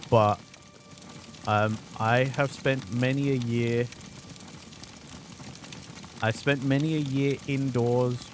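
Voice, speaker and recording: A man's voice: mid-range voice, noisy background. A man from London with a mild, mixed British accent, chatting casually and swearing while streaming a game. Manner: chatty, swears often, rambling. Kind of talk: casual gaming commentary.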